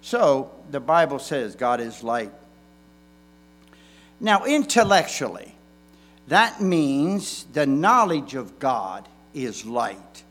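Male pastor, mid-pitched voice, delivering a drawn-out, folksy church sermon. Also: sing-song, fairly bright tone. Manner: slow, folksy preaching with emphatic stresses and restarts.

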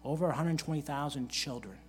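A man's voice: on the high side, fairly quick, slight background noise. A male pastor preaching a sermon in an earnest manner, reading scripture aloud and repeating key phrases for emphasis.

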